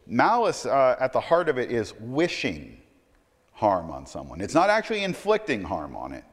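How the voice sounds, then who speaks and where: Man preaching in a reverberant sanctuary. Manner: dynamic preaching, swings from loud emphatic to quiet and low; repeats words when starting sentences. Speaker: pastor. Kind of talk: sermon.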